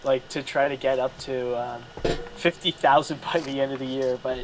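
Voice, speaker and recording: A man's voice: mid-range voice, fairly even intonation, normal speed, background noise. A young man from from there, chatting casually and rambling through restarts. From Quebec, Canada. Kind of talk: casual chat.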